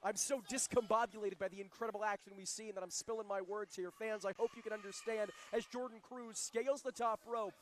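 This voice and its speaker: A man calls live pro wrestling with a strikingly high voice. He gets excitable and shouts out the big moves. Faint ambience sits behind him. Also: brisk, hardly any pauses, slight background noise. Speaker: wrestling play-by-play commentator.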